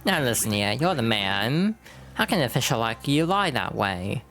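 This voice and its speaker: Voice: mid-range voice, big pitch swings, moderate pace, fairly bright tone, faint music behind. A streamer voicing an old, formal Bob-omb sailor from a video game who speaks in a proper, old-fashioned way. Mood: determined.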